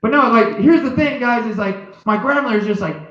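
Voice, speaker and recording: A young man performing a stand-up comedy set, animated and jumping into loud high voices for characters. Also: a little fast. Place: comedy club stage. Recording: echoey, dull low-fi live recording.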